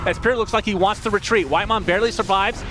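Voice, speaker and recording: Man, esports play-by-play caster, high voice, quick delivery, music bed. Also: noisy background. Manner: rapid excited play-by-play calls. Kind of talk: play-by-play commentary.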